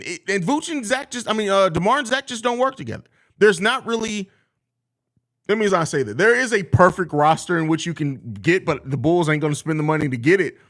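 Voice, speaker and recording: A man's voice: on the high side, a bit bright. A man hosting a live sports talk show, reading viewer questions and answering in a blunt, profane, ranting way. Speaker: podcast host reading chat questions.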